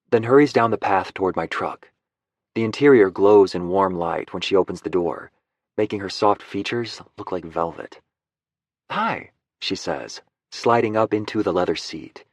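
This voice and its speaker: Man, low voice, first-person romance narration, wry, easygoing, very dry studio sound. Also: no echo. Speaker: audiobook narrator.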